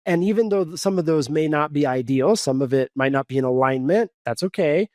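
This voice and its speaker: A man's voice: a little high, brisk, a little mellow, no room sound, clean studio sound. A man coaching in a podcast interview, explaining step by step in an earnest tone and acting out his own inner dialogue. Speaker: guest coach.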